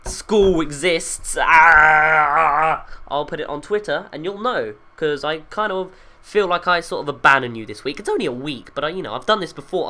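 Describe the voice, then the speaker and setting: A young man hosts his own video, talking straight to viewers in a loose, rambling way. He keeps tripping over his words, correcting himself and cracking jokes. His voice sounds bright and a little sharp, and he is just over being sick. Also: fairly high pitch. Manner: rambling, self-correcting, jokey. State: recovering from illness. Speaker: YouTube video host. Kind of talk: casual rambling outro to viewers.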